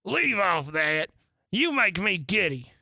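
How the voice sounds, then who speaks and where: A man reading a storybook aloud, voicing a furious, imperious female queen who barks commands in a raised, shrill voice. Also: sing-song, extremely slow, vocal fry, bright, forceful tone, dry recording, studio quality, heavily acted.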